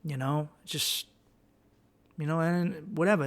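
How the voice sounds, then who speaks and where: A man with a somewhat high, gravelly voice talks straight into the mic, blunt and profane as he hands out advice. He rambles and restarts his sentences as he goes. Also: moderate pace, a bit bright. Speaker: podcast host. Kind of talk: casual advice monologue.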